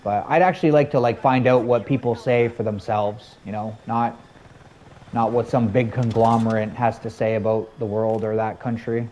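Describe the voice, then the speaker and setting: A man's voice: medium pitch, steady tone, normal speed, darkish tone, slight background noise. Rambling male game streamer. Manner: rambling, friendly, chatting with viewers between game reactions. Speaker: gaming streamer. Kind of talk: casual live-stream chat while gaming.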